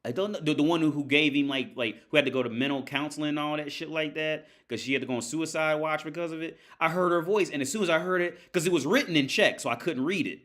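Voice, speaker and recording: A man's voice: a little high, fast talker, hardly any pauses, fairly bright tone. A man hosting a casual livestream from home, ranting in a rambling, crude way, full of restarts and filler words. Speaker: livestream host. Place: at home by his TV.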